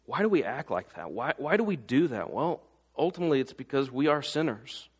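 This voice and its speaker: A man's voice: mid-range voice, very animated, brisk, breathy edge. A man preaching a sermon, impassioned and full of rhetorical questions. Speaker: pastor. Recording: long hall reverb.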